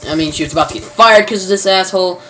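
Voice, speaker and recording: A man's voice: high voice, rapid-fire, bright, forceful tone, slight background noise. A man giving a casual, rambling plot recap, full of fillers and mild cursing. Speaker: video reviewer.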